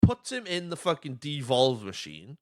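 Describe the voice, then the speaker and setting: A man's voice: medium pitch, huge pitch swings, normal speed. A man hosting a casual podcast, retelling movie scenes with lots of swearing and quoted voices. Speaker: podcast host.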